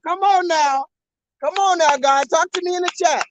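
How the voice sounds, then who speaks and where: A livestreamer with a very high voice walks around talking on his phone, speaking at a moderate pace. He's animated and repetitive, urging viewers again and again to comment in the chat. The recording is rough.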